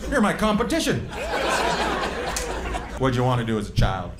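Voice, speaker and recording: A man's voice: medium pitch, wildly swooping pitch, moderate pace, very noisy. A man in his fifties doing stand-up crowd work, brash and profane as he teases the audience. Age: 50s. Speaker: stand-up comedian. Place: comedy club. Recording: echoey club with roaring crowd.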